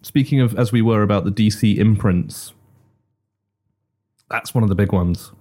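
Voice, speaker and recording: A man's voice: fairly low pitch, normal speed, warm tone. A man co-hosting a casual podcast chat about comic book films, joking wryly. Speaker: podcast co-host.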